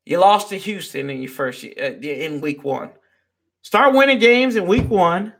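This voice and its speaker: A fired-up man rants to his live-stream viewers. His high voice has a gravelly edge, and he swears freely and calls everyone y'all. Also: lively intonation, unhurried, fairly bright tone. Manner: fired-up, ranting, profane. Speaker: sports fan show host.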